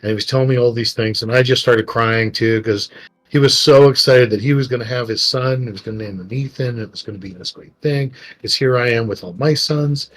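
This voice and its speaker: A man's voice: mid-range voice, a little fast, fairly bright tone. A middle-aged man, a podcast co-host, telling a long family story in rambling, emotional casual chat.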